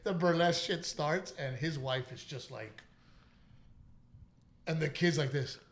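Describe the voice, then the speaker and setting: A middle-aged man from Texas, hosting a podcast and telling stories in an animated way, laughing often and swearing. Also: fairly high pitch, unhurried, a little hiss or hum. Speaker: podcast host. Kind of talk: casual chat.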